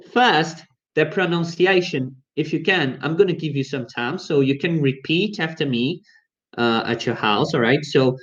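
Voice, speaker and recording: Male English teacher, fairly high voice, upbeat and coaxing, dull lo-fi stream audio. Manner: coaxing, upbeat, talks straight to viewers. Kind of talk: live-streamed English lesson.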